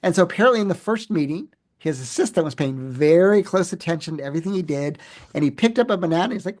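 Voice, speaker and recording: This professor and author is a fast talker whose voice sits high. In an interview he answers animatedly, storytelling his way through with plenty of fillers and restarts.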